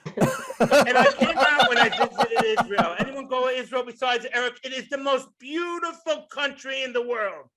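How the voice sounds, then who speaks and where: A man in his sixties doing a stand-up comedy set in a club, with a loud, punchy delivery, swearing and shouting his punchlines. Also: very high-pitched, normal speed, very noisy. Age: 60s.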